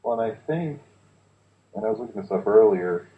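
A man chatting casually about a movie, sharing bits of trivia in a relaxed way. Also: on the low side, brisk. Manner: relaxed, shares trivia, filler-heavy. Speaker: co-host. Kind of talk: casual movie watch-along commentary. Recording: tinny phone-like line with echo.

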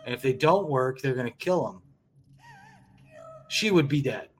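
A man's voice: medium pitch, lively intonation, unhurried, slight background noise. A young man co-hosting a casual podcast, laid-back and crude, swearing and saying "dude" a lot. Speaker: podcast co-host. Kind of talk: casual crude podcast chat while watching a film.

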